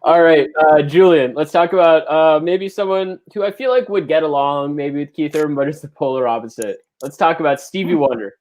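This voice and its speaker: A man hosting a casual online quiz show over a video call, running the rounds with jokes and quick banter. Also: fairly high pitch, a little mellow, a little hiss or hum. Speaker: game show host.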